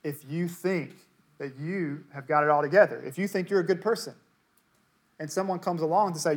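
A man's voice: on the high side, a little fast, husky. A man preaching a sermon to a congregation, conversational and emphatic, repeating words to stress his points. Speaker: pastor.

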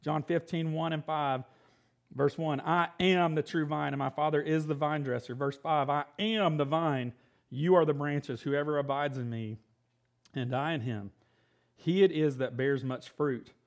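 A man preaching a sermon, reading scripture aloud and then talking it through casually, with quick laughs and sudden excited outbursts. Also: on the high side. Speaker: pastor.

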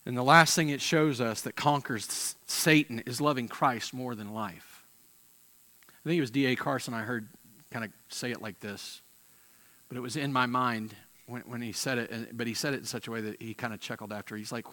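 A man preaching a sermon with passion, swinging from loud emphatic peaks to quiet, intense moments and often repeating words as he restarts phrases. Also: mid-range voice, moderate pace. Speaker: pastor.

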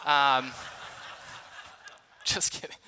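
Bright-voiced pastor telling a joking story. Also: male voice, mid-range voice, steady tone, drawn-out words, a little hiss or hum. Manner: conversational storytelling with audience questions and jokes. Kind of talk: sermon. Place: church hall.

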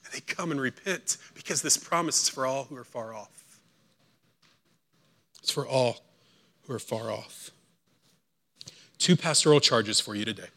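A man preaching a sermon as pastor, acting out quotes and swinging between hushed, slow lines and loud, urgent ones. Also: mid-range voice.

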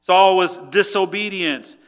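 A man preaching a sermon, emphatic and swinging between loud points and quiet asides. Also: high voice, slow pace, clean tone. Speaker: pastor.

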